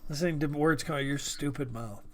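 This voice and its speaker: A man's voice: fairly high pitch, fast talker, a crowd in the background. A man co-hosting a podcast, teasing his friend and laughing in casual chat. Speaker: podcast co-host.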